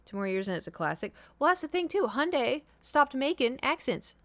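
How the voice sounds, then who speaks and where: A woman's voice: high voice, big pitch swings, a little fast, dry recording. A young woman streaming live, talking casually and rambling through a story with lots of filler words. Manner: rambling and chatty, with many fillers. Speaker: livestreamer.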